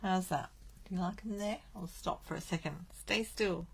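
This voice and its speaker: A woman's voice: fairly low pitch, normal speed, vocal fry, slightly rough. A woman from Australia hosting a live card-making stream, chatting and thinking aloud as she works. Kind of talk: live crafting stream chat.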